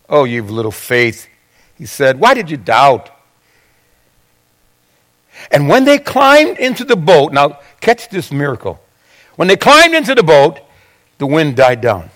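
A man's voice: high voice, fairly bright tone. A male pastor preaching a sermon, acting out Bible quotes with frequent restarts.

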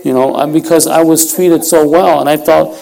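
A lay preacher in his fifties, of Puerto Rican heritage, prays in church before sharing stories about himself, folksy, self-deprecating and often laughing. His fairly high voice is warm and steady, with some vocal fry and a moderate pace.

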